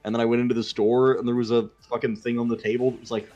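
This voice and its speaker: A man's voice: mid-range voice, little pitch movement, racing, few pauses, darkish tone, muffled recording. A man co-hosting a let's play stream, chatting casually and retelling stories with quoted asides. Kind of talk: casual gaming chat. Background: faint game music.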